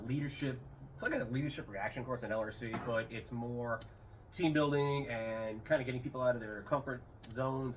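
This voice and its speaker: A middle-aged man, a retired airman, telling rambling stories in a casual interview. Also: medium pitch. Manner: rambling, animated quoting with raised voice. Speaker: interview guest, retired Air Force. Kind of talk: casual storytelling. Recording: slightly distant mic, faint room noise.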